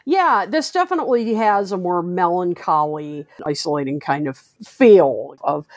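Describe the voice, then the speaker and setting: Slow-speaking woman co-host, dry sound. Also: lowish voice, expressive, dry recording. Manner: enthusiastic, measured. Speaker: podcast co-host. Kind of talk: casual music chat.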